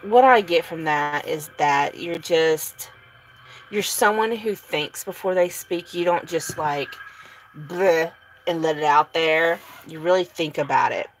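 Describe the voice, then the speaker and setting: A woman giving a casual tarot reading, relaxed and sleepy, with many fillers and soft laughs. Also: low voice, a little slow, a little hiss or hum, low-quality recording. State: sleepy, yawning. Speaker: tarot reader.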